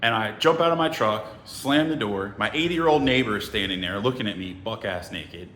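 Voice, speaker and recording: Middle-aged man, casual profane storyteller, bright voice, echoey room. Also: on the low side, a little fast, a little hiss or hum. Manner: animated, profane, acts out other voices. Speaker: sales trainer telling a story.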